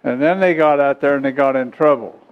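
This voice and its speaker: A man's voice: medium pitch, brisk, clean tone. A man preaching a sermon who reads scripture aloud and then explains it in homey asides, chuckling now and then. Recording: dull lo-fi recording.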